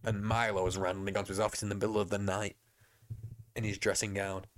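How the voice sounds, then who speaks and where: A man's voice: lowish voice, fast talker, no echo. A man co-hosting a casual film podcast, ranting and mocking the film as he drinks, with the hiccups. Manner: animated, swearing, mocking voices in quotes. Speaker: podcast co-host. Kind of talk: casual film commentary chat.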